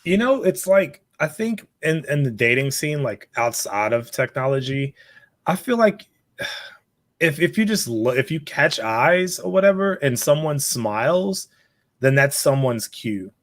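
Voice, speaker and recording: A man's voice: fairly high pitch, very animated, measured pace, no echo. A man talking as a guest on a casual podcast, easygoing and frank, laughing often.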